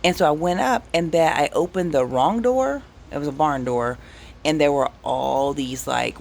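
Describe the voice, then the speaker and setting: Man, vlogger, gravelly voice, slightly high pitch, rambling casual storytelling. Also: slight background noise. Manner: rambling, self-interrupting, animated anecdotes.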